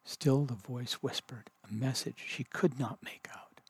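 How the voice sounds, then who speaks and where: A man reading a children's story aloud as narrator, in gentle, measured storytelling. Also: medium pitch, slightly rough, dry recording.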